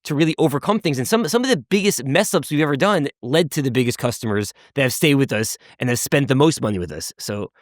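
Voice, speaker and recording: A man's voice: mid-range voice, animated, fast talker, few pauses, no echo, clean studio sound. A man hosting a podcast interview who asks questions and affirms his guest enthusiastically.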